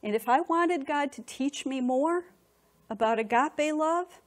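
Animated middle-aged woman telling her story. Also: high voice, unhurried. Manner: animated, emotional, repeats words when stirred. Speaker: speaker sharing a personal testimony. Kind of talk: personal storytelling to an audience.

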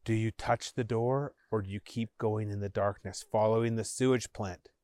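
A man hosting a podcast, narrating an interactive story in a measured way, with his voice dropping low for suspense. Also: steady tone, mellow, no echo, studio quality.

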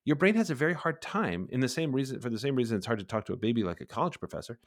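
A man in his forties talks as a guest on an interview podcast. He speaks fast and with animation, and he often slips into little acted bits of dialogue. His pitch sits mid-range. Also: expressive. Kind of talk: conversational interview.

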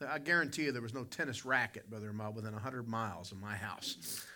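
A man's voice: lowish voice, fast, sharp tone. A man, preaching a sermon and telling a folksy personal story, calling out to people in the congregation. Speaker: pastor.

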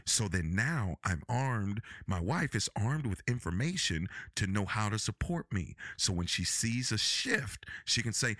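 A man's voice: lowish voice, lively intonation, a little slow, hardly any pauses, fairly bright tone, no echo, clean studio sound. A man hosting a relationship advice podcast, talking emphatically and repeating phrases to drive his points home. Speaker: podcast host.

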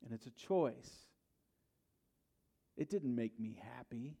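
A middle-aged male pastor delivers a sermon in a church, his voice sitting at an ordinary, mid-range pitch. He tells a personal story conversationally, sinking into hushed asides before rising into loud, emphatic bursts. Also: animated, slow pace.

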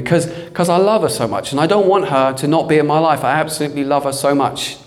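A man's voice: on the high side, brisk, few pauses. A middle-aged man preaching a fervent sermon, often breaking into hallelujah and amen. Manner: fervent, animated, fond of interjections like hallelujah and amen.

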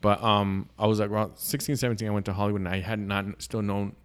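A man's voice: lowish voice, little pitch movement, fast talker, clear, resonant tone. A man telling a personal story as a podcast guest, casual and profane, with lots of restarts. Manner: profane, rambling, with frequent restarts.

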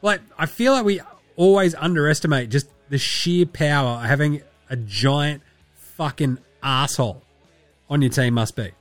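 A man's voice: a little high, normal speed, dry recording, soft background music. A man with an Australian accent hosting a casual podcast, talking loosely with lots of swearing and laughter. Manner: loose, profane, laughing, rambling. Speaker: podcast host.

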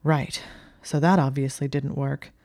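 A reader voices a sardonic, exasperated young male wizard in an audiobook. His lines come clipped, strained and firm, in a mellow, dry, close sound. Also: medium pitch, level tone, a little slow, dry recording, close to an everyday voice. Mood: wry. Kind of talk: audiobook reading.

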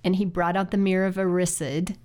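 A woman's voice: fairly low pitch, level tone, a little fast, darkish tone. A woman hosting a podcast and running a law firm, chatty and upbeat, often laughing. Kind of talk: casual chat.

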